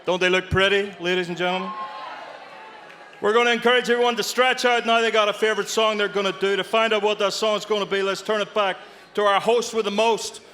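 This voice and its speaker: A man's voice: high-pitched, fairly even intonation, a little fast, pushed and bright, slight background noise. A man announcing from the podium at a live concert show, joking and chatty. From Northern Ireland. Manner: jokey, chatty. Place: live concert stage with audience.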